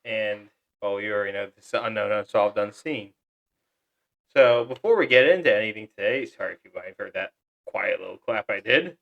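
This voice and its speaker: A young man with a fairly low voice co-hosts a podcast. He talks in a relaxed, upbeat way and fills his announcements with ums and uhs. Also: fast talker, vocal fry, lo-fi sound. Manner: upbeat, chatty, with fillers. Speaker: podcast co-host. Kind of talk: casual podcast chat with announcements.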